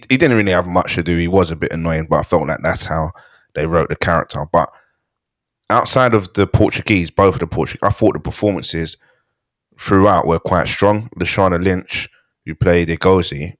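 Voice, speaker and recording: A man co-hosting a film review podcast, calm and measured, often restarting his words. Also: low voice, no echo, clean studio sound. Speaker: podcast co-host. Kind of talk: casual film review chat.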